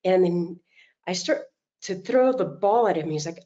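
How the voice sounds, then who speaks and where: A middle-aged woman coach giving an animated motivational talk, telling stories and acting out quotes, over a video call. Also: fairly low pitch, moderate pace, highs cut off. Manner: animated storytelling, acts out quotes.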